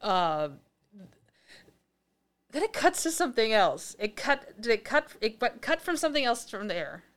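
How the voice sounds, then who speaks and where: Animated woman recapping a movie. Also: a little slow, pauses often. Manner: animated, acts out characters with high squeals, swears, laughs often. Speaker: podcast co-host. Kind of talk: casual movie recap chat.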